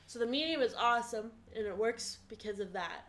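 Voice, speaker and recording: A woman's voice: on the high side, a little fast, few pauses, fairly bright tone. A woman co-hosting a casual podcast, firmly explaining her opinions. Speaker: podcast co-host. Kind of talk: casual chat.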